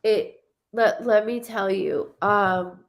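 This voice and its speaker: A woman's voice: mid-range voice, takes it slowly. A woman psychic medium giving a live reading, talking in a rambling, emotional way and cursing freely.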